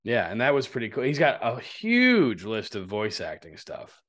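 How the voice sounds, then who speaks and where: A man co-hosts a podcast and talks at an ordinary, mid pitch. He chats casually in a loose and animated way, swears freely, and his stories run on. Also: moderate pace. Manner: loose, profane, animated storytelling. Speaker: podcast co-host. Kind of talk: casual chat.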